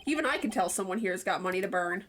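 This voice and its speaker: A woman's voice: mid-range voice, animated, quick pace, a bit bright, slight background noise, pitched below the performer's own voice, close to an everyday voice. A woman voicing a young male defense lawyer with a dry, wry way of thinking aloud. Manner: dry, wry inner monologue. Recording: game music playing behind.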